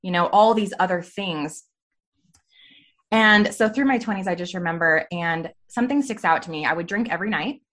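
A woman's voice: on the low side, moderate pace. A woman in her thirties, a podcast guest candidly telling her personal story with lots of "like" and "you know". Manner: candid, animated storytelling with frequent "like". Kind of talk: personal testimony in a faith podcast interview.

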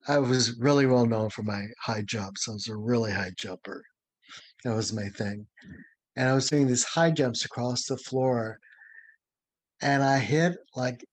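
An older man, a former ballet dancer, telling lively, dramatic stories as an interview guest. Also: mid-range voice, dry recording. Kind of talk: anecdotal storytelling.

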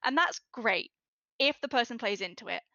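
A woman chatting as a podcast guest, telling lively stories and acting out what people said. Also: fairly high pitch, moderate pace, dry recording, dull audio. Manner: lively storyteller who acts out quotes. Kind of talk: casual chat.

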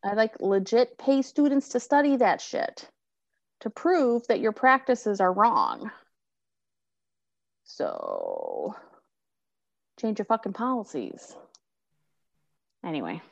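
A woman's voice: mid-range voice, slow pace, gravelly, long pauses, no echo, dull audio. A woman in her thirties co-hosting a podcast, ranting with lots of swearing in a fired-up casual chat. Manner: animated, profane, fired-up ranting. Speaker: podcast co-host.

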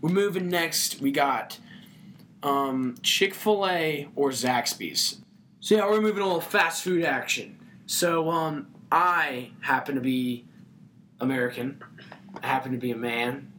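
A man's voice: mid-range voice, unhurried, sharp tone, a little hiss or hum. A man co-hosting a podcast in casual chat, telling stories with enthusiasm and acting out quotes. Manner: enthusiastic storyteller who acts out quotes. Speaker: podcast co-host.

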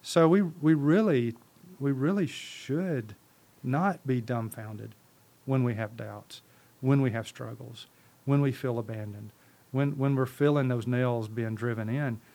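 A man's voice: medium pitch, unhurried, darkish tone. A man speaking as a podcast guest, preaching in an impassioned, conversational way with rhetorical questions and repeated words. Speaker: podcast guest, ministry leader.

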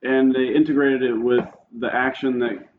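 A man speaks in a relaxed, measured way in casual conversation, weighing his words. His voice sits at an ordinary pitch. The audio is slightly dull, with light hiss. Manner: laid-back listener, short agreeing replies. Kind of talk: casual chat.

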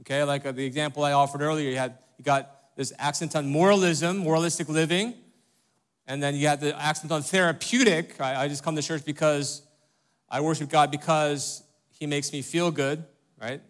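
A pastor preaching a conversational sermon, emphatic and questioning the congregation in church. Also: male voice, on the high side, steady tone, moderate pace. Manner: emphatic, asks listeners rhetorical questions.

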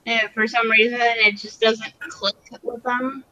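A woman's voice: a little high, little pitch movement, a little slow, pushed and bright, highs cut off. A woman co-hosting a podcast, speaking hesitantly and agreeing often. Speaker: podcast co-host. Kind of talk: casual chat.

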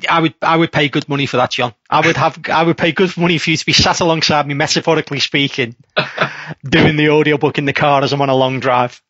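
Fast-talking male co-host, bright, dry dull sound; eager, stammering restarts. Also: a little high, fairly even intonation, no echo. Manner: eager, repeats words. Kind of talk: casual chat.

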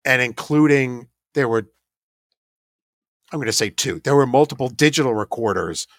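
A man who runs a paranormal investigation team tells a story in a chatty, self-deprecating way, laughing at himself now and then. His voice sits at a middle pitch. The sound is dry and close, with no room echo. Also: expressive, normal speed. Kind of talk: casual anecdotal storytelling.

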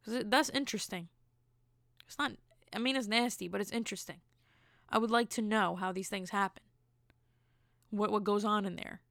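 Young female podcast host, casual solo storyteller, gravelly fry, dry close mic, rambling and self-amused. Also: medium pitch, moderate pace, long pauses, fairly bright tone, no echo.

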